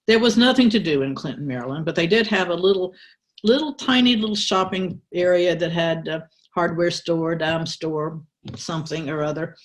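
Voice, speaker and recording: An older woman telling a personal story aloud, in a wry, candid way with pauses and restarts. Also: on the low side. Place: church.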